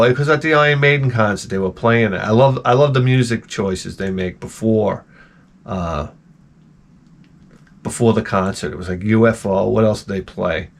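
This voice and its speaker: A man's voice: lowish voice, moderate pace, vocal fry. A man telling rambling, profane stories as a channel host and acting out his own reactions. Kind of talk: rambling casual monologue.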